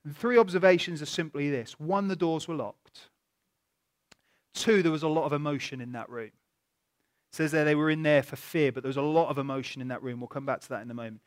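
A man preaching a sermon, telling stories in a chatty, animated way and asking the listeners rhetorical questions. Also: fairly high pitch, fairly quick.

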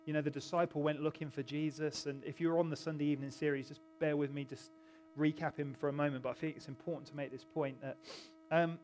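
A man's voice: a little high, fairly even intonation, fast talker, darkish tone, soft background music. A middle-aged male pastor preaching a chatty, informal sermon in a church, often stopping to joke with the congregation. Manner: chatty, self-interrupting, jokes with the congregation. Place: church hall.

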